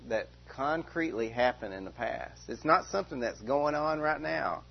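A man preaching a verse-by-verse sermon, repeating key phrases slowly and with emphasis. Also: medium pitch, lively intonation, creaky, highs cut off. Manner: emphatic repetition, slow stressed phrases. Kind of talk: expository sermon.

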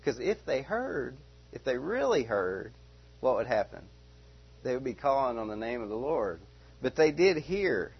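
A man's voice: medium pitch, very animated, measured pace, husky. A man teaching through a Bible passage verse by verse, earnest, often repeating himself and asking rhetorical questions. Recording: dull lo-fi recording.

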